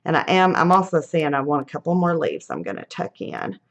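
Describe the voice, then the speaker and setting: A woman's voice: low-pitched, sing-song, brisk, creaky. A middle-aged woman, chatting casually through a live craft demonstration, thinking aloud and laughing at her own mishaps.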